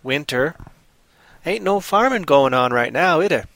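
A man's voice: a little high, lively intonation, a little slow, creaky, fairly bright tone, no echo. A man hosting a livestream, playfully rambling through an improvised story and chatting with the chat.

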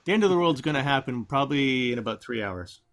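A man's voice: medium pitch, expressive, fast talker, fairly bright tone. A man hosting an online show, chatting casually and joking as he rambles. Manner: jokey, rambling. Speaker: podcast host. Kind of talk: casual chat.

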